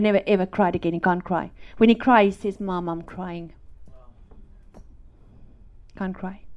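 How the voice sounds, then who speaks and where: Preaching a testimony sermon, this middle-aged woman from South Africa is lively and laughs often, moving from booming to hushed. Her voice falls in the mid range.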